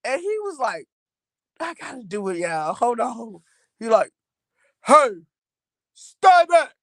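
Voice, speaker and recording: A middle-aged Texas mother tells viewers about her son's new job, chatty and casual, laughing a lot and using slang. Her voice is on the high side and sing-song, a little slow, in a dry recording.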